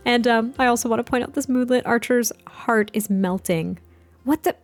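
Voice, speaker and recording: A woman's voice: on the high side, moderate pace. A young adult woman giving casual let's-play commentary, chatty and giggly, rambling with lots of fillers. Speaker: gaming video host. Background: faint background music.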